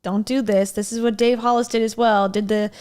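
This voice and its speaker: A woman with a fairly high voice gives casual reaction commentary on a clip. Her delivery is blunt and sarcastic, with a relaxed, offhand way of talking. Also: brisk, smooth. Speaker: commentary YouTuber.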